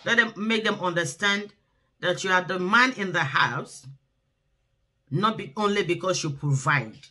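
A woman's voice: lowish voice, a little slow, bright, forceful tone. A middle-aged woman, hosting a relationship talk and giving earnest, preachy advice. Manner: earnest, exhorting, acts out quoted voices.

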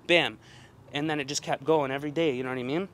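Young male vlogger, fired-up profane rant, voice sits a touch higher than most men. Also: fairly even intonation, fast talker, a bit bright, slight background noise. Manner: heavy swearing, emphatic, repetitive fillers. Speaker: channel host. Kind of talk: agitated personal rant to camera.

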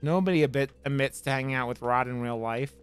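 Guy streaming a game, swears a lot, jokes with chat, smooth clear voice. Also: medium pitch, fast talker. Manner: profane, joking, talks back to chat. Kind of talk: casual let's-play commentary.

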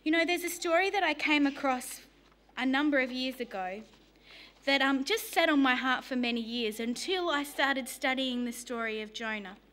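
An Australian woman preaching a sermon, telling stories in a lively, humorous way. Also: high-pitched, normal speed. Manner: lively storytelling with humour.

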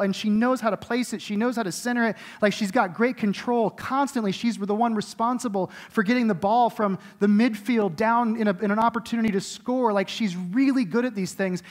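A middle-aged man preaching a sermon as lead pastor, telling stories casually with lots of filler words, then turning soft and intimate. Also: high-pitched. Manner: animated storytelling with many likes and rights.

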